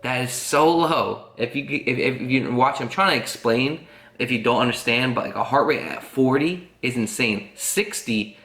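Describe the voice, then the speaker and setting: Casual vlogger man, bright forceful voice, rambling earnest telling, roomy echo, faint guitar behind. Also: mid-range voice, normal speed. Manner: rambling, earnest, full of "like" fillers. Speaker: family vlogger. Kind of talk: casual storytelling to camera.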